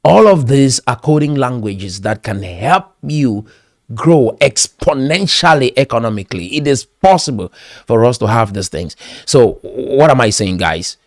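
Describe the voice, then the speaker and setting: A man's voice: medium pitch, animated, a little slow, no echo, studio quality. A man with a Cameroonian English accent, delivering a motivational talk in an exhorting, preachy manner and repeating phrases for emphasis. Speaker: pastor and commentator.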